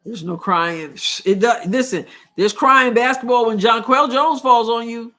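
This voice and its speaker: A woman's voice: fairly high pitch, unhurried, fairly bright tone. A woman hosting a live watch party, reacting emotionally and indignantly to a basketball game as it unfolds. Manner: emotional, exclaiming, indignant about calls. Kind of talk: live reactive sports commentary.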